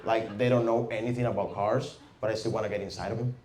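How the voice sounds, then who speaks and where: A young man with a Venezuelan Spanish accent doing a stand-up set in a deadpan, mumbling, self-deprecating way. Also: on the low side, fast. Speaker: stand-up comedian. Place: comedy club stage with audience. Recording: roomy club sound with faint noise.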